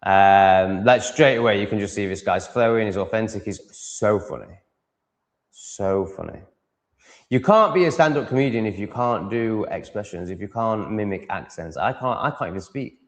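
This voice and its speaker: A man's voice: lowish voice, fairly quick, few pauses, in a large hall. A man with a Yorkshire accent, chatting casually on a livestream, rambling and often cutting himself off mid-sentence. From Yorkshire, England. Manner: rambling, self-interrupting, chatty. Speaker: livestream host.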